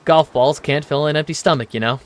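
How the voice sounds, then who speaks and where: A man's voice: a little high, a little fast, natural voice. A man voicing a chatty, cheerful young woman who gossips in a friendly way and giggles as she talks. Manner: bubbly, giggly, talkative.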